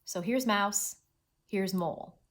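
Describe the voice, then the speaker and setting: A woman's voice: mid-range voice, takes it slowly. A woman teacher giving a read-aloud reading lesson, talking expressively to children.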